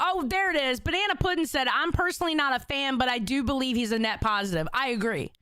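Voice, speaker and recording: Heavy on swearing and emphasis, a forty-something woman hosting a stream reacts bluntly to the chat. Her voice is mid-range, a bit bright and clean, with no echo.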